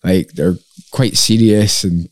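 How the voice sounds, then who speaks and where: A man's voice: low-pitched, steady tone, slow pace, no echo. A Scottish man, a podcast guest who fights and coaches MMA, telling stories in a casual chat, laughing often and acting out the people in them. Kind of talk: casual chat, lively storytelling.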